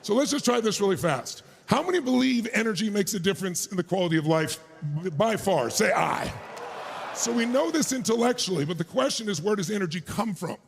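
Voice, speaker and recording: A man giving a motivational speech to a live crowd on an arena stage. He is energetic and shouts to pump up the crowd, with crude, joking asides. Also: high-pitched, fairly quick, creaky, breathy edge. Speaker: motivational speaker.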